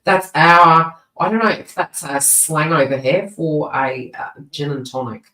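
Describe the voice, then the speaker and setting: Recorded from a distance in a roomy-sounding space, this tarot reader has a low, sharp-toned voice and an unhurried delivery. She rambles chattily through her live-streamed reading with frequent asides and restarts.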